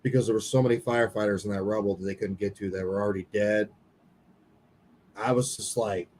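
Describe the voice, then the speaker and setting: A man's voice: lowish voice, fairly even intonation, a little fast, darkish tone, a little hiss or hum, poor audio. A man co-hosting a paranormal podcast, telling a story in casual chat and quoting people as he goes, swearing now and then. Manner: candid, swears casually, retells dialogue.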